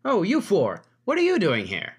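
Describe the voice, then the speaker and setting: A man's voice: very animated, fast talker. A man voicing a peppy, chipper female halfling governess in a tabletop game. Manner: bright, high, sing-song.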